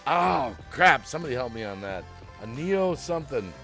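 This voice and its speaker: A man hosting a casual livestream, greeting viewers by name, reading chat aloud and rambling as he thinks out loud. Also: medium pitch, big pitch swings, normal speed, gravelly, soft background music. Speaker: livestream host.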